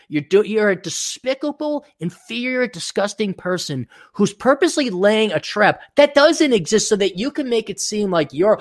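A man with a slightly higher voice rants through a solo podcast. He swears freely and sneers at people he mocks. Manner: profane, sarcastic, ranting; mock voices for people he ridicules. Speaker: podcast host.

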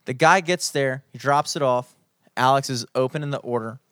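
A young man telling a story in casual chat, animated and profane, putting on mock outrage. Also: medium pitch, moderate pace, no room sound, studio quality.

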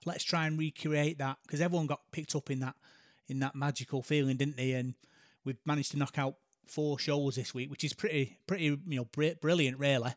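A man's voice: fairly high pitch, fairly even intonation, a little fast, no echo, studio quality. A man, co-hosting a casual chat, talking hesitantly and reflectively. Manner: hesitant, reflective, soft-spoken. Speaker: podcast co-host.

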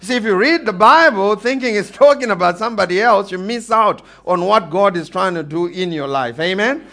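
High-voiced preaching man. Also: moderate pace. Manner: animated preaching, calls for amens, rises to emphatic peaks. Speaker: pastor. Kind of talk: sermon. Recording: preached live to a congregation.

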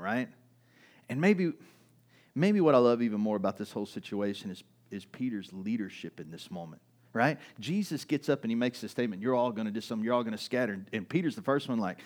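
A man's voice: on the low side, lively intonation, brisk. A male pastor preaching a sermon in a church, talking casually with fillers and restarts, and raising his voice to act out quoted lines. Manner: conversational, with many fillers and restarts; acts out quoted lines with raised voice.

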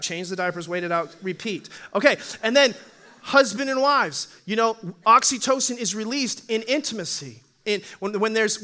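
A male pastor preaching a humorous sermon in church, telling animated stories and acting out voices with frequent laughter. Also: high voice. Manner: animated storytelling, acts out voices, laughs often.

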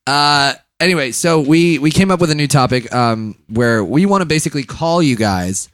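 A man's voice: a little high, lively intonation, moderate pace, a bit bright, dry recording. Male podcast co-host, crude jokester, dry close studio sound. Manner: joking, crude, laughing often. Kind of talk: casual comedic banter.

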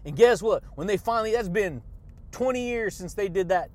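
High-voiced excitable male podcast host. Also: a little fast. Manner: excitable, laughs often, catchphrases like "yeah, buddy" and "baby"; preachy, repetitive pep talk. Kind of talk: motivational podcast monologue.

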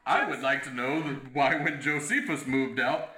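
A man's voice: medium pitch, steady tone, normal speed, sharp tone, echoey room. A man improvising a comedy sketch, complaining in a drawl.

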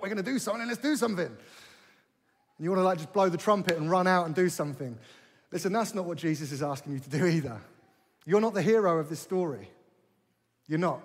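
Impassioned high-voiced male preacher in a hall. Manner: impassioned, rising to forceful rhetorical questions; repeats phrases for emphasis. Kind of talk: sermon. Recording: long hall reverb.

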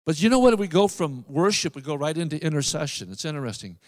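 A man preaching a sermon, emphatic, with drawn-out phrases and repeated lines. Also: a little high, big pitch swings, a little mellow, big-room sound. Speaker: pastor.

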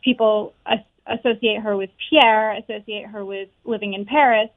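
A woman's voice: medium pitch, fairly even intonation, moderate pace, no echo. A woman who is a stage actress, talking earnestly and chattily with lots of fillers as an interview guest, over a tinny phone-like line. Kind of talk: casual interview chat.

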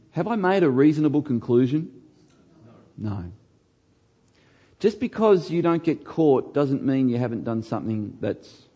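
A middle-aged man preaching a sermon, earnest, slowing down and dropping his voice on key words. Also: mellow, breathy edge. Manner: earnest, slows down and drops low on key words. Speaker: pastor.

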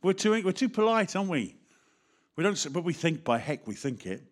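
Animated English preacher, middle-aged man. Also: fairly high pitch, a little fast. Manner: animated, acts out voices, talks directly to the congregation. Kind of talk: sermon.

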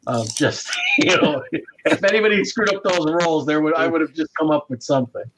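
A man acting as game master for a tabletop game, talking in a relaxed, chatty way and laughing often. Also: on the high side, a little fast, background noise.

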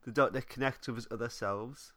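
A man co-hosting a casual podcast, recapping a plot in a relaxed way and often trailing off with vague wrap-ups. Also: mid-range voice, brisk, background noise. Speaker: podcast co-host. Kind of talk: casual fan podcast chat.

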